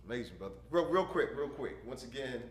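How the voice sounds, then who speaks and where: A man's voice: medium pitch, big pitch swings, a little fast, slight background noise. A man hosting a podcast, mostly giving short affirmations and brief plugs. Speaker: podcast host. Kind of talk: casual podcast conversation. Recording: echoey room.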